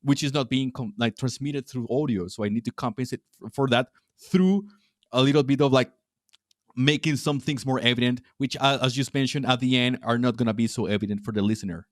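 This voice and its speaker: A man's voice: mid-range voice, fairly quick, dry recording, studio quality. A Latino man hosting a podcast interview, talking casually with frequent restarts and fillers. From Latin America. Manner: hesitant, many restarts and fillers. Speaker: podcast host.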